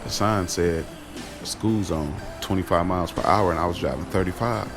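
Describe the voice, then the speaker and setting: Man, very deep voice, casual streetwise storytelling, profane, audio drama narration. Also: normal speed, music in the background. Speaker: narrator and creator. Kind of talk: first-person storytelling narration.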